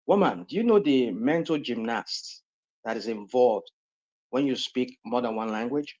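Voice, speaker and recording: A man's voice: mid-range voice, darkish tone. A man from Nigeria speaking on a live online panel, rambling with many fillers and restarts. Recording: dull lo-fi audio.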